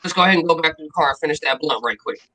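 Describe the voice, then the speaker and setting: A man hosting a casual stream, telling a drunken night-out story in slangy, profane, animated talk. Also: a little high, racing, low-quality recording.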